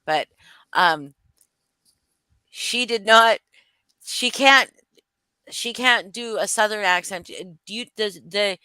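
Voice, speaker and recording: A young woman co-hosts a loose gossip livestream, talking bluntly and swearing as she goes. Her voice is bright and forceful, and she often stops and restarts her sentences. The sound is dry and close to the mic. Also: lowish voice, clean tone, no room sound. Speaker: livestream co-host. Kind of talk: casual gossip commentary chat.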